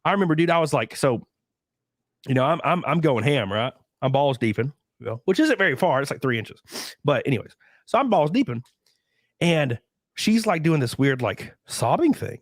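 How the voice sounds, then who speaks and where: A man hosting a casual streamed podcast, rambling through crude stories with a lively, swooping delivery. His voice sits a touch high for a man and sounds dry and close, with little room around it. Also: normal speed, no echo. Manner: crude, rambling, animated storytelling. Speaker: podcast host.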